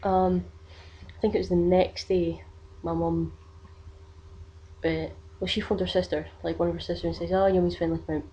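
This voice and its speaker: A woman's voice: lowish voice, flat delivery, moderate pace, long pauses, warm tone, highs cut off. A young woman, telling a personal story in a casual vlog, rambling with many fillers. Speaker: vlogger.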